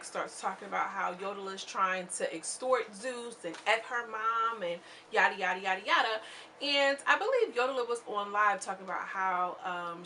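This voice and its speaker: A woman hosting her own channel, giving a chatty, slangy, animated recap of a reality show. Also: medium pitch, slight background noise. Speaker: channel host.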